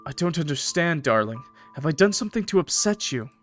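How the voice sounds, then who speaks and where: A man voicing a bewildered zombie husband in a horror visual novel, soft and pleading. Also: fairly high pitch, very animated, a little fast, soft background music.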